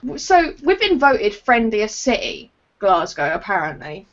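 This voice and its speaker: A woman's voice: mid-range voice, huge pitch swings, unhurried. A woman, co-hosting a podcast, telling stories in casual chat and laughing often. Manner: laughs often, chatty storyteller. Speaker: podcast co-host. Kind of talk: casual chat over a call. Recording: dull lo-fi call audio.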